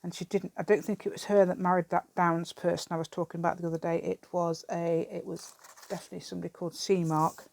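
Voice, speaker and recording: Chatty woman, slightly low voice, dry sound, rambling craft-vlog chat, self-deprecating. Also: level tone, fast, vocal fry, few pauses, a little mellow, no room sound. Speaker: craft vlogger. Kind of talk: casual chat while crafting. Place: at an outdoor table. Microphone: camera set on the table.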